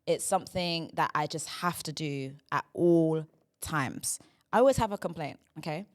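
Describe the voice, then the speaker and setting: A woman's voice: deep voice, normal speed, a little mellow. Playful woman hosting a comedy podcast. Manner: playful, leans on "do you know what I mean". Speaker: podcast host. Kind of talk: casual comedy podcast chat.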